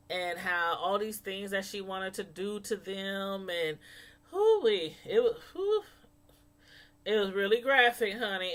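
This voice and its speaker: A woman casually reviewing a reality show episode, gossiping in an animated way. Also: mid-range voice. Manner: animated, gossipy, laughing asides.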